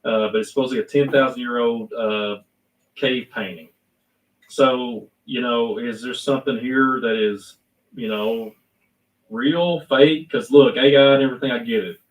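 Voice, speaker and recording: A man's voice: mid-range voice, steady tone, normal speed, distant mic, rough recording. A man hosting a talk show in casual chat, rambling and correcting himself as he goes, with plenty of fillers. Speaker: host.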